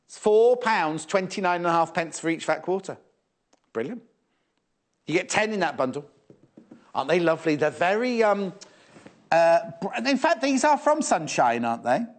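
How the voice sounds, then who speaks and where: Chatty, lively male shopping presenter. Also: sits high. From England. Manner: chatty, fussing aloud, reading out viewer messages. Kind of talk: live sewing shopping TV chat. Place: TV studio.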